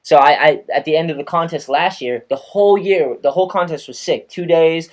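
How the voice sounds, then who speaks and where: Young male podcast host, casual, swears a lot, lively storyteller. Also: a little high, brisk. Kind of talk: casual chat.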